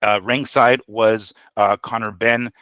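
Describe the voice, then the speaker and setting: A man co-hosting a boxing talk show, giving animated, profane fight analysis and acting out quotes. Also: on the low side, slow pace, no room sound.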